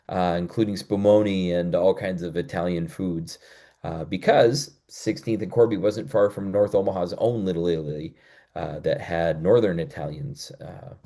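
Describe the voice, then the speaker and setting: A man's voice: low voice, dark tone. A man hosting a history podcast, telling local history in a conversational way with frequent "uh" fillers.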